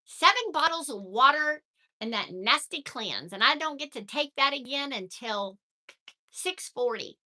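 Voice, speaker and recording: An older woman talks casually to her viewers, chatty and animated. Her voice sits high and swoops in a lively way, with a very bright tone. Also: a little slow. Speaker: vlogger reading live chat.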